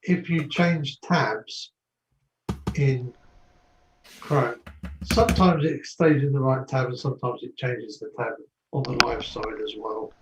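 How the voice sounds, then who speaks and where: A man in a casual chat, giving technical advice slowly and haltingly, with restarts. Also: mid-range voice. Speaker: guest giving tech advice. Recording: roomy, muffled mic with faint noise.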